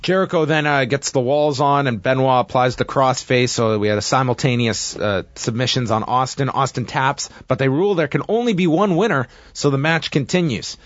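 A man's voice: medium pitch, moderate pace, hardly any pauses, no echo. Man recapping a match, dry lo-fi sound. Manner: steady narration with frequent "uh" fillers. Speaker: podcast host recapping a wrestling match. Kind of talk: casual play-by-play recap.

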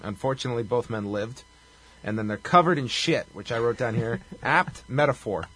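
Wry husky man recapping a movie. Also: mid-range voice, animated, normal speed, a bit bright. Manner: wry, profane, laughs while recapping. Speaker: podcast co-host. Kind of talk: casual movie recap chat.

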